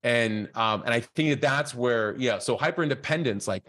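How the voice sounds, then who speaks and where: A man as a podcast guest, telling a personal story in an animated, conversational way, with many fillers and quoted dialogue acted out. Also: mid-range voice, normal speed.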